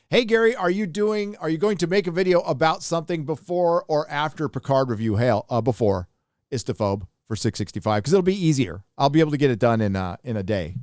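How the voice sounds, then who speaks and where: A middle-aged Southern California man hosts a casual livestream, reading viewer donations aloud in a rambling, laid-back way full of fillers. His voice is a little high, expressive, brisk, and darkish, recorded dry with studio quality.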